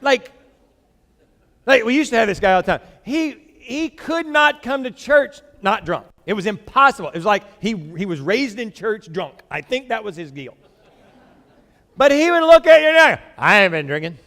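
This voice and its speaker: A male pastor delivers a sermon in a high, very lively voice that leaps up and down. He jokes with his congregation and reads scripture out with force. The sound carries a long hall reverb. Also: moderate pace. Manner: animated, joking, reads scripture aloud with emphasis. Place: church sanctuary.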